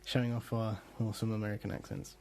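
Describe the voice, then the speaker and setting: A man's voice: on the low side, flat delivery, quick pace, darkish tone, a little hiss or hum. A man co-hosting a casual podcast, rambling with lots of fillers and restarts. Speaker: podcast co-host.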